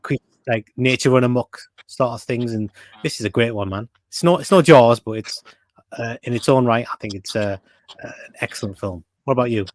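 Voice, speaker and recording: A man's voice: mid-range voice, a little fast, no echo. A man co-hosting a casual movie review chat, rambling with frequent fillers and repeated words. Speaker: podcast co-host.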